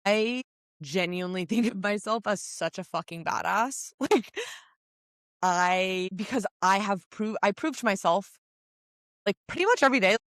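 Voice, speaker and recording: A woman's voice: medium pitch, lively intonation, moderate pace, fairly bright tone, dry recording, studio quality. A woman in her twenties hosting a solo podcast, talking casually and emphatically with lots of fillers and little laughs. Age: 20s. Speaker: podcast host.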